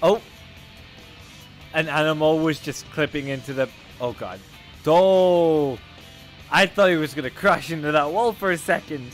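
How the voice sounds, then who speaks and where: A man hosting a gameplay video, casually joking and recapping the story, now and then bursting out loudly. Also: on the high side, unhurried, long pauses. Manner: offhand, joking storyteller with sudden loud outbursts. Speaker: gaming video host. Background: game music.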